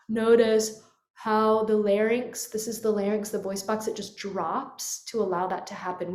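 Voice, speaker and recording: A woman's voice: a little high, a little mellow. A woman voice teacher leading a guided vocal lesson, showing the sounds as she explains them with yawns and sighs. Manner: demonstrative, swoops into yawns and sighs. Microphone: webcam. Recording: echoey room.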